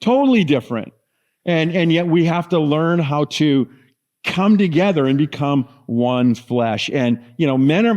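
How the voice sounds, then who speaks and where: Animated storytelling pastor, man, higher voice. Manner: storytelling, animated, lots of asides and fillers. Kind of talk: sermon.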